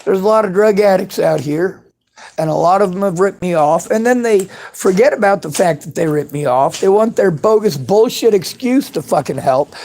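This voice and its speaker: A man with a notably high voice rants straight at the camera, bitter and swearing freely. He talks at the people who have let him down, and faint ambient noise hums behind him. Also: expressive, moderate pace, gravelly, darkish tone. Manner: bitter, profane ranting. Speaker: vlogger. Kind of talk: angry monologue to camera.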